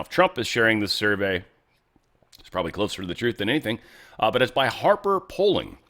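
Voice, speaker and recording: A man hosting a show, talking casually and bluntly over clips, rambling and swearing, his voice swinging between loud and quiet. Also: on the low side. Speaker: show host.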